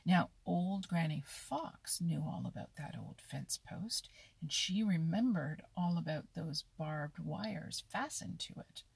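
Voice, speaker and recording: Slow gravelly woman reading a storybook. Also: deep voice, no echo. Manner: expressive, slow, lively storytelling. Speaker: narrator.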